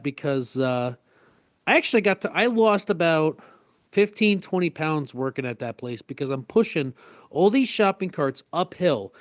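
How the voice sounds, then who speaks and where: A man co-hosting a casual podcast, spinning stories with lively energy. His voice sits a bit on the high side and gets pushed even higher when he mimics people. The sound is close and dry, with no room around it. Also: moderate pace, no echo. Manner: animated storyteller, jumps high in pitch to act out people. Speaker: podcast co-host. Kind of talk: casual storytelling chat.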